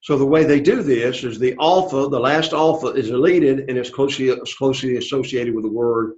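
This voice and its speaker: A man's voice: mid-range voice, muffled recording. A man teaching a Greek class, patiently walking students through translations and often checking in with "okay?" and "all right?". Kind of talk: classroom lecture.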